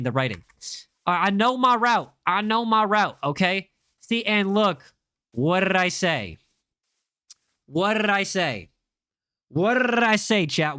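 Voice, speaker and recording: A man's voice: high voice, sharp tone, no echo, clean studio sound. A young man hosting a casual livestream, bantering playfully with his chat and insisting he is not lost. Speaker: livestream host.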